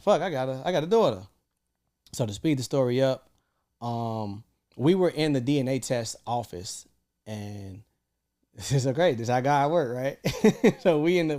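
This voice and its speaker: Young guy, podcast co-host; loose, profane storyteller who jumps up high when quoting people. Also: normal speed. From Chicago. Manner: animated, swearing, acts out quoted lines with big jumps in pitch. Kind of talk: casual storytelling chat.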